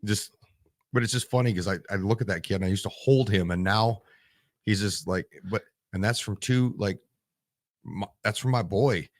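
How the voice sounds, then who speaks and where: Blunt, profane low-voiced man. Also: moderate pace, no room sound, studio quality. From Michigan, USA. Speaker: guest, Marine veteran. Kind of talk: casual interview storytelling.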